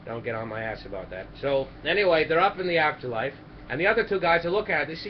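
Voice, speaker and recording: A man's voice: on the high side, big pitch swings, fast talker. A man casually telling long jokes with rambling asides and restarts, hosting a charity stream. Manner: rambling, self-interrupting storyteller with asides. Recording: lo-fi stream audio with background noise.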